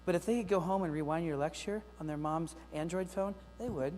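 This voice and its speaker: A middle-aged man giving a lively, joking keynote talk to teachers, speaking straight to the audience. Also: fairly high pitch, brisk, soft background music. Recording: long hall reverb with faint mains hum.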